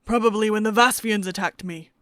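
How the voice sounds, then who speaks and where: A woman's voice: medium pitch, a little fast, fairly bright tone, no echo, close to an everyday voice. A woman doing a vague, forgetful older man. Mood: muttering. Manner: vague, rambling.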